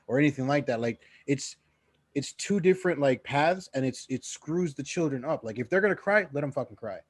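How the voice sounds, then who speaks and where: A man's voice: medium pitch, lively intonation, brisk, breathy edge, no room sound. A young man co-hosting a casual podcast, rambling with frequent restarts and swearing. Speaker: podcast co-host.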